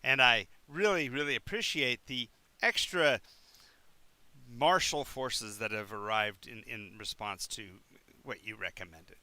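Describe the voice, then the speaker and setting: A man voicing an evasive, smooth-talking male town official who rambles with falsely cheerful fillers in a tabletop game. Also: mid-range voice, unhurried, sharp tone.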